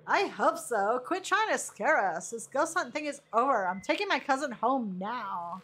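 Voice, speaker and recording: High-voiced giggly woman streamer. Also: animated, a bit bright, soft background music. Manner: giggly, reads game lines with quick reactions. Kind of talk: live game playthrough, reading dialogue aloud.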